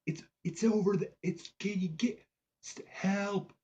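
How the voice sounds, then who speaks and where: Man voicing a frantic stranded young woman; shrill breaking falsetto, stammering pleas. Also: steady tone, unhurried, a little mellow, breathy edge, dull audio. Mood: panicked.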